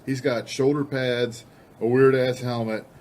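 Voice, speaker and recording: A man's voice: mid-range voice, steady tone, measured pace, darkish tone, slight background noise. A man on a casual motorcycle talk show, telling stories with dry sarcasm. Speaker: podcast co-host. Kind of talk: casual banter.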